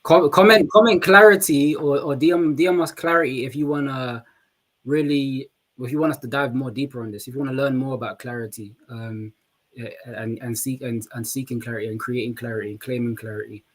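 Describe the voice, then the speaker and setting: A man's voice: medium pitch, steady tone, brisk, a bit bright, poor audio. A man co-hosting a live stream, musing reflectively and often restarting his phrases. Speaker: co-host. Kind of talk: casual live-stream chat.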